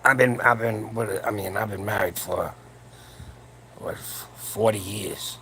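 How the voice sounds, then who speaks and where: A low, gravelly-voiced man in his seventies rambles through a late-night livestream from home. His talk is crude and joking, wandering from one thing to the next, with a bright, forceful edge to the grit. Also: fairly even intonation, slow, a little hiss or hum. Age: 70s. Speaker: powerlifting channel host.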